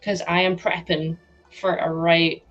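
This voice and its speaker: A young woman hosting a live stream, chatting excitedly and laughing as she builds a toy set. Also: lowish voice, a little slow, highs cut off, soft background music. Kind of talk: casual chat while building a toy set.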